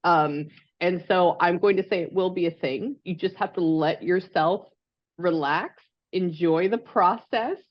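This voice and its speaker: A chatty, excitable woman giving a medium reading over a video call, rambling freely with fillers. Her voice sits fairly low. The sound is dry and a little dull, like call audio. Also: measured pace, no room sound. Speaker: psychic medium.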